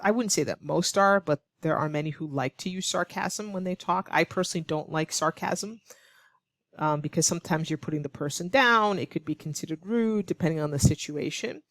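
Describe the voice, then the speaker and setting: A woman teaching English online, explaining clearly and patiently, now and then acting out example lines to show tone. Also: deep voice, a little fast, hardly any pauses, dry recording, studio quality. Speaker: ESL teacher.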